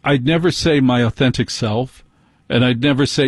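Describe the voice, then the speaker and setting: A man's voice: medium pitch, a little fast, dry recording. A man hosting a talk radio show, ranting sarcastically and bluntly about things that annoy him. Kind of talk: opinionated talk radio monologue.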